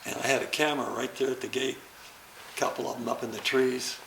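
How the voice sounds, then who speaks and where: An older man, a stuntman, telling an animated story about a past job and acting out the action. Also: medium pitch, fast talker, background noise. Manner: animated, acts out the action with sounds and laughter. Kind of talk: anecdotal storytelling. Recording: roomy recording.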